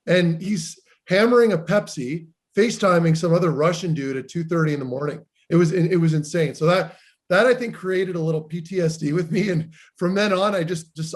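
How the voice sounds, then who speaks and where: A man co-hosting a podcast, telling rambling, animated anecdotes in casual chat. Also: a little high. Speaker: podcast co-host, former pro hockey player.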